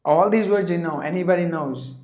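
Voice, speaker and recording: A man teaching a spoken lesson. He talks slowly and carefully, sets out single words one at a time, and often clears his throat. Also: sits high, a little mellow. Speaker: English teacher. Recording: echoey room.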